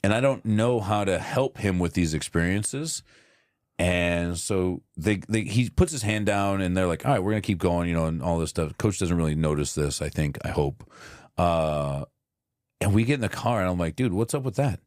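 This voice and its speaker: A man with a low, deep voice, talking casually on a podcast and acting out what people said as he tells stories. He swears freely. The sound is dry and close, with no room echo. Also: moderate pace. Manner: animated storyteller acting out quotes, swears freely. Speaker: podcast co-host. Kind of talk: casual chat.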